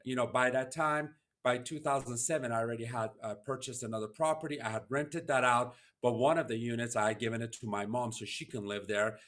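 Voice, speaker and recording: A man's voice: medium pitch, fairly even intonation, fairly quick, few pauses, fairly bright tone. A man hosting a podcast, telling a personal story in an earnest, emotional, heartfelt way. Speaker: podcast host.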